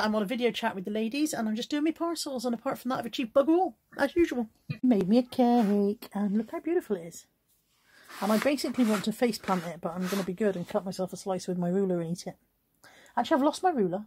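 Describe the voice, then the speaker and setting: A woman's voice: on the high side, darkish tone, breathy edge. A middle-aged woman, chatting casually to a handheld phone camera in her vlog diary, self-deprecating and talking to her dog. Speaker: vlogger.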